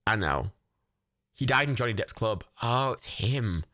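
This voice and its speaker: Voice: medium pitch, expressive, a little slow, sharp tone, no room sound, clean studio sound. A young adult streamer hosting a watch party, chatting casually, reading out chat and gifts, swearing freely and laughing often.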